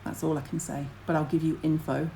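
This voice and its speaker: A middle-aged woman hosts a relaxed livestream, her voice sitting slightly low. She rambles cheerfully and bluntly, dropping casual swears as she hops between topics. A faint hum of background noise runs under her webcam audio. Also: fairly quick, gravelly, poor audio. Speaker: skincare livestream host. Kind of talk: casual livestream chat to viewers.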